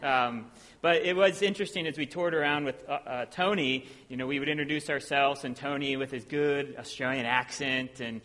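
A man from Ohio preaching as a visiting preacher, talking in a relaxed, self-deprecating way with plenty of ums. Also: medium pitch, moderate pace. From Ohio, USA. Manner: conversational and self-deprecating, with many filler sounds. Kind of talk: sermon. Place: church sanctuary. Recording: long hall reverb in a church.

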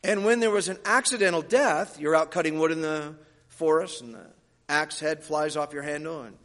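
A man's voice: on the high side, normal speed, fairly bright tone. A male pastor preaching a sermon, explaining scripture with folksy joking asides to the congregation. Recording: long hall reverb.

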